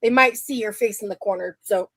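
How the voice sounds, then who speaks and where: A young woman talks casually on her live stream, rambling and restarting her sentences. Her voice sits in a middle range. The sound is close and dry, with no room echo. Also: mid-range voice. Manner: rambling, halting, with many restarts and fillers.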